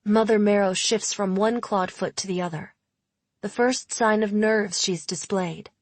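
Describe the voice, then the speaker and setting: A woman narrating a first-person dark fantasy audiobook in a measured, deliberate way. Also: mid-range voice, steady tone, dry recording.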